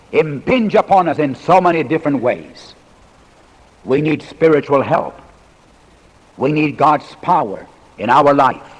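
A man in his sixties preaching a sermon in a folksy, humorous way with dramatic pauses. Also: on the high side. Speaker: pastor. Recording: reverberant hall recording.

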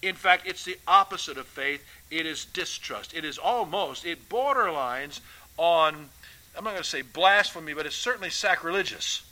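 A man's voice: fairly high pitch, animated, normal speed, bright, forceful tone, poor audio. A man preaching a sermon with emphatic rhetorical questions and folksy asides.

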